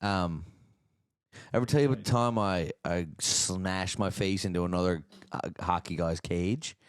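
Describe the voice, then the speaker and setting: This podcast host tells a story in relaxed, casual conversation, often finishing sentences with the tag question "right?". His voice is low, clear and resonant, he speaks at a measured pace, and the recording is dry.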